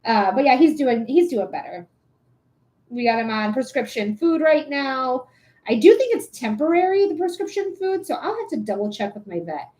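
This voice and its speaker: A woman's voice: high-pitched, big pitch swings, normal speed, dark tone. A woman in her thirties hosting a livestream, chatting casually in a goofy, rambling way and laughing often. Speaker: livestream host and reader.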